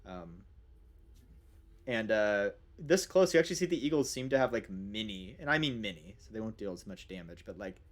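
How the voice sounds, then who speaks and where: A man's voice: lowish voice, expressive, moderate pace. A man narrating as game master in a casual, rambling way, with many fillers.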